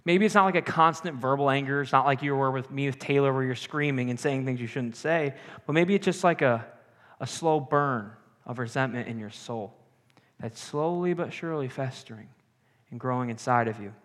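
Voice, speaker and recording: A young man preaching a sermon, telling a personal story in an animated way with self-deprecating humor. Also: mid-range voice, normal speed, in a large hall.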